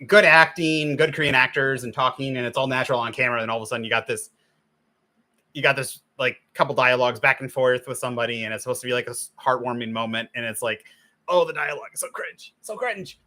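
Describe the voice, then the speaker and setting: A man's voice: mid-range voice, flat delivery, quick pace, pushed and bright. A man hosting a livestream, chatting casually while he draws and rambling with many restarts. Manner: complains, then gives step-by-step drawing tips. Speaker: livestream host. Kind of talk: casual chat while drawing.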